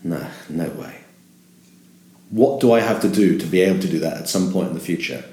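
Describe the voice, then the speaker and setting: Deep-voiced emphatic man. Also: quick pace, mellow, roomy sound. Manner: emphatic, repeats words when starting a thought. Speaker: sports broadcaster. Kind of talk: reflective interview talk.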